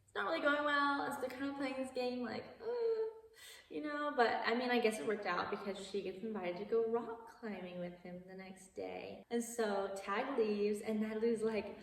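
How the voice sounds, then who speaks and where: A woman's voice: a little high, fairly even intonation, normal speed, vocal fry, few pauses. A young woman casually recapping a movie plot, chatty with lots of asides and laughs. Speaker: video creator. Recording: echoey hall from far off.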